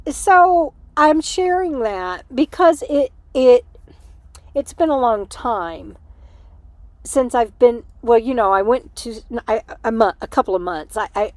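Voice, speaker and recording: A tired woman hosting her own livestream, talking in a reflective, halting way and laughing often. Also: a little high, darkish tone, no room sound. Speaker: livestream host. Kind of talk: casual personal chat.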